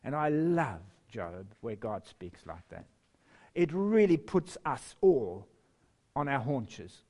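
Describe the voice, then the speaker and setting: Slow, emphatic male preacher. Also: very animated. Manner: slow, emphatic, with wide swings in pitch and loudness; chuckles now and then. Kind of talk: sermon with scripture reading.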